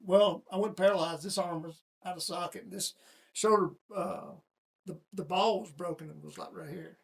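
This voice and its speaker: A middle-aged man speaks as an interview guest, recounting events in a casual, folksy manner. His voice sits high for a man and is heavily gravelly. It also carries a husky edge. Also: steady tone, normal speed. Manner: folksy, plain-spoken storyteller.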